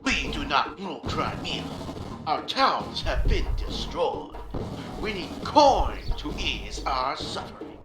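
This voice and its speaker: A man putting on a pompous rebel leader with a put-on old Southern aristocrat drawl, booming his speech with slow, dramatic pauses and big swoops in pitch. He sounds a touch high and roomy, over loud game music. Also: big pitch swings. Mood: rousing. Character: rabble-rousing male rebel leader, pompous.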